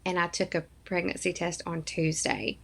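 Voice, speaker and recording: A woman's voice: on the low side, moderate pace, creaky. A woman in her thirties from Arkansas, a podcast guest telling a personal story in an earnest, emotional way and acting out what others said.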